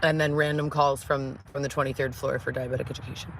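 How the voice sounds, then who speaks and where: A woman's voice: extremely low pitch, level tone, fast, a little hiss or hum. A woman ranting animatedly and profanely about her old job on a live stream, mimicking others in a raised voice.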